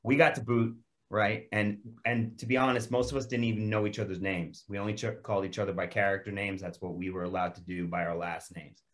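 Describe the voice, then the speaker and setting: A man, an actor guest, telling an animated, profane anecdote over a video call. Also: lowish voice, brisk, few pauses. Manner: profane, lively storyteller.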